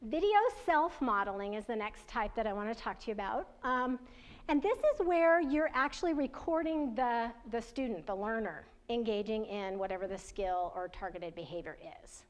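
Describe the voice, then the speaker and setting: A woman's voice: fairly high pitch, animated, normal speed. A woman leading a training workshop, talking in a conversational way with light laughs and questions to the audience. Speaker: workshop presenter. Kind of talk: training presentation to parents and educators.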